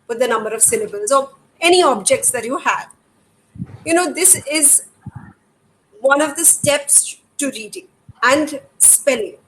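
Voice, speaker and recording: Explaining reading activities to parents, a middle-aged educator with an Indian English accent uses a slightly high, fairly bright voice, demonstrating patiently and asking rhetorical questions. The recording is rough, with faint noise behind her.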